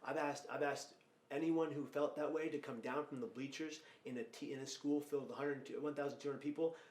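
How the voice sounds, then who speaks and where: A man hosting a podcast, talking emphatically and growing loud when telling stories. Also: a little high, steady tone, brisk. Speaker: podcast host and speaker. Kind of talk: podcast conversation. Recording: roomy echo.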